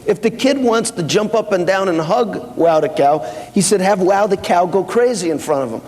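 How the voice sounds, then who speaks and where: A man with a high-pitched, animated, slightly mellow voice talks at a normal speed to a seminar hall audience at a company event. His anecdotal business talk is casual, quoting back-and-forth dialogue with fillers and restarts, and the audio has long hall reverb.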